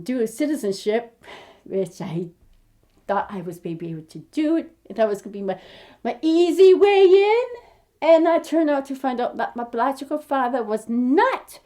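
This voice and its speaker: Speaking straight to camera, a fifty-something American woman with a slightly high voice recounts her journey as an aspiring actress. It's a casual, animated chat, rambling and quirky, openly candid and full of restarts.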